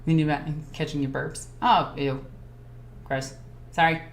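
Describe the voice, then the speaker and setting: A chatty woman with a slightly low voice hosts a casual livestream. She answers viewer comments with quick bursts of excitement. Her voice sounds roomy and echoey, over a faint hum of background ambience. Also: vocal fry. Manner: excitable and chatty, jumping between topics. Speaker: streamer hosting a live Q&A.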